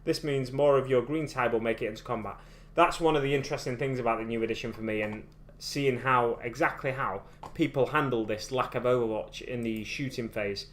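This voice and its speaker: A man's voice: medium pitch, fairly quick, hardly any pauses, fairly bright tone. Rambling British man on a live stream. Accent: British English. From United Kingdom. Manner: rambling, thinks aloud with many restarts. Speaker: miniature painting streamer. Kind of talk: casual live-stream chat.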